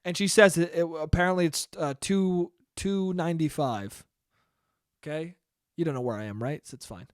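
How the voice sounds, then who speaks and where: A young man hosting a podcast, telling a story in a loose, animated way, swearing freely and acting out what people said. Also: a little high, moderate pace, no room sound, clean studio sound. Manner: animated, swears often, acts out quotes. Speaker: podcast host. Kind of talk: casual storytelling monologue.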